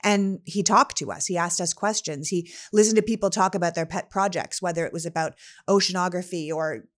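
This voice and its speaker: A woman hosting a podcast, telling a story in casual conversation, growing animated and enthusiastic. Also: on the low side, fairly quick. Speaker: podcast host.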